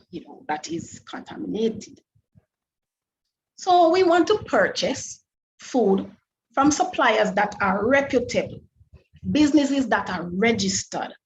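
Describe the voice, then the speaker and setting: On a webinar microphone that cuts off the highs and picks up slight background noise, a woman with a voice on the high side teaches food safety online. She explains deliberately, restarting phrases frequently and asking the audience plenty of rhetorical questions.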